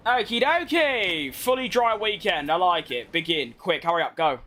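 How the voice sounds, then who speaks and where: A man's voice: high voice, expressive, normal speed, bright, forceful tone. A young British man chatting casually to himself and his viewers while playing a racing game, slangy and self-mocking. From Britain. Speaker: game streamer. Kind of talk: casual gameplay commentary.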